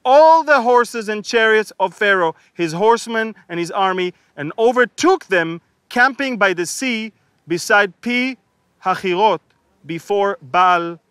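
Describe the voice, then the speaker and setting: Here a man teaches a humorous sermon on the Bible, acting out its characters with sarcasm and laughter. His high voice is bright, forceful, clear and resonant, and the recording is dry.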